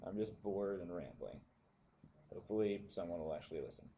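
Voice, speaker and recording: Young guy rambling into his webcam, deep voice, lots of ums and pauses. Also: lively intonation, gravelly, dark tone, slight background noise. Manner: meandering, unscripted, many fillers. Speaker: vlogger. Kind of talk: casual rambling monologue.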